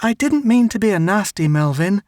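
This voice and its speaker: A man voicing an emotional young girl in a storybook reading, raising his voice high and breathless. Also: sing-song, normal speed, darkish tone, dry recording, clean studio sound. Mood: earnest.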